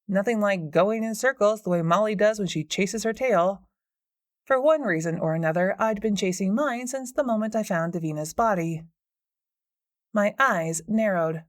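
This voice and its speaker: A woman's voice: mid-range voice, normal speed, no echo. A woman reading a cozy mystery audiobook in the first person, with a wry, dryly sarcastic edge, on a close studio mic. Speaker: audiobook narrator. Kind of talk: first-person scripted narration.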